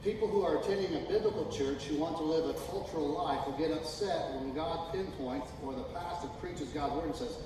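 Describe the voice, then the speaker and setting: A man preaching a sermon as pastor, folksy and emphatic, building from calm talk to loud, drawn-out shouting. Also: on the high side. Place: church sanctuary. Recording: echoey hall, distant mic, noisy.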